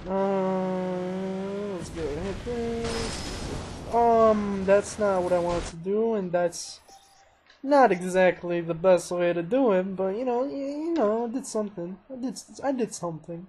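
A man casually commentating his own racing gameplay, excitable and self-mocking, talking to himself as he plays. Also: sits high, a little slow. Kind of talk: casual let's-play commentary. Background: engine noise and crashes from the game.

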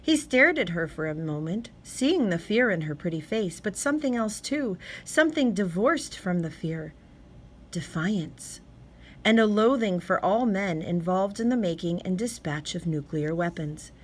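Audiobook reader: woman, low-leaning pitch, measured storytelling. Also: expressive, breathy edge. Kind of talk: scripted narration.

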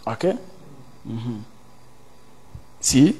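Man, pastor, church sermon, husky voice, fairly high pitch, loud surges, drawn-out emphasis. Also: animated. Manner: preaching with sudden loud rises and drawn-out emphasized quotes; reads scripture aloud and asks the congregation questions. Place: church service.

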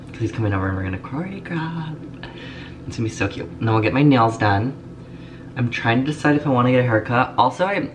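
A young man chatting casually to camera in a vlog, rambling with lots of fillers. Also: lowish voice. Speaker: vlogger. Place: Los Angeles, at home and in a car. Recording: home vlog with clear ambient noise.

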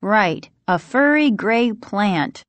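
A woman's voice: medium pitch, animated, takes it slowly, dry recording. A woman doing an anxious protective big sister. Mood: relieved. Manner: urgent, worried warnings.

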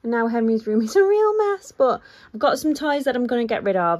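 With a lowish, darkish-toned voice, a mum who vlogs rambles through a casual home chat in her child's bedroom, using plenty of fillers.

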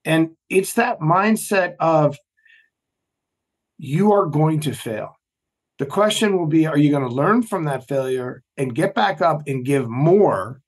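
A man's voice: fairly high pitch, slow. A man, a former Navy SEAL, telling a story as a podcast guest and acting out the people in it. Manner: animated storyteller, acts out quoted voices. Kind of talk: storytelling interview talk.

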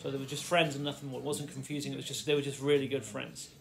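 A man's voice: medium pitch, level tone, fast talker, vocal fry, fairly bright tone. A middle-aged man from the Fens, telling a rambling childhood story in his kitchen. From the Fens, England. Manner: rambling, self-interrupting storyteller. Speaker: vlogger. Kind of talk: casual storytelling vlog. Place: home kitchen. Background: faint radio music.

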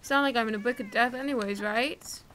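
A woman's voice: a little high, a little fast, a bit bright, slight background noise. A young woman streamer chatting and swearing casually as she plays a game and talks to its characters. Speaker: gaming streamer. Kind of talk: casual let's-play commentary. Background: game music.

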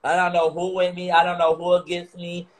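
A man's voice: high-pitched, completely flat delivery, fairly quick, poor audio. A man ranting to his viewers, upset and swearing, repeating himself. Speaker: vlogger on a live stream. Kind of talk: emotional rant to viewers.

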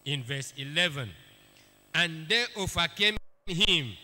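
A man's voice: mid-range voice, expressive, measured pace, pushed and bright. A man preaching a sermon, emphatic, repeating key phrases and calling for amens. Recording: echoey hall with long reverb.

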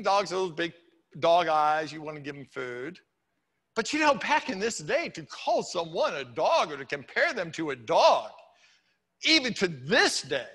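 A man's voice: high voice, sharp tone, husky, in a large hall. A man preaching a sermon as pastor in a church, talking conversationally with wry humorous asides. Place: church sanctuary.

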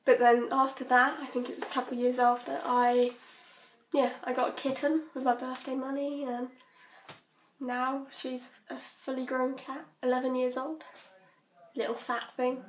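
A British teenage girl chats to camera from her bedroom, scattered and giggly. Her voice sits a little high, with a roomy echo around it and a faint hiss underneath. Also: little pitch movement, moderate pace. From Britain. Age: teens. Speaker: vlogger. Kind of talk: rambling casual chat.

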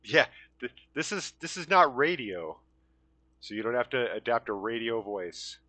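Bright-voiced man hosting a casual game stream. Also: medium pitch, moderate pace, dry recording. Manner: relaxed, talkative. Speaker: host. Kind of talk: casual gaming chat. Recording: light background metal music.

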